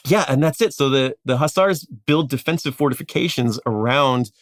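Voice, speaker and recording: A man casually telling a history story on a podcast, animated, acting out quotes and laughing often. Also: mid-range voice, moderate pace, no room sound, clean studio sound.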